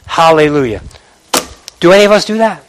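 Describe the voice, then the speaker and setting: A man preaches a sermon in a notably high voice. He is animated and repeats words for emphasis, and he now and then mimics the empty chatter he warns about. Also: normal speed, a little hiss or hum. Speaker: pastor.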